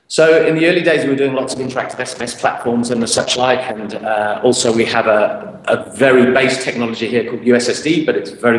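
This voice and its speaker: A British man from Britain, a guest tech executive, talking casually in an interview with plenty of fillers and self-deprecating humour. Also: medium pitch. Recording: roomy echo.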